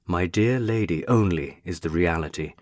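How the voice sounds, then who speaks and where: Brief: man, very low voice, dramatic storytelling reader, dry close sound. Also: moderate pace, no echo. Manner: intense, brooding, expressive. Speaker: narrator. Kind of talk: dramatic first-person story reading.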